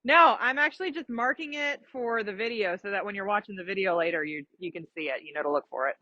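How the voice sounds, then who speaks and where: A woman's voice: mid-range voice, quick pace, sharp tone, no echo, lo-fi sound. A woman coaching a rider through a lesson, explaining patiently with examples and giving encouragement. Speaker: riding instructor. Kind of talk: live coaching during a riding lesson.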